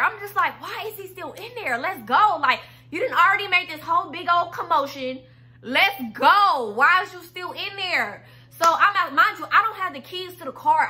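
Young woman, storytime vlogger, high and piercingly bright voice, animated and foul-mouthed, casual slang delivery. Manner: animated, swearing, slangy, retells her own angry lines.

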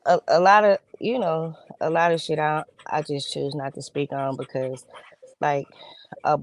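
Animated woman chatting, laughing often. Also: low voice, dry recording. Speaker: livestream co-host. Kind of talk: casual chat.

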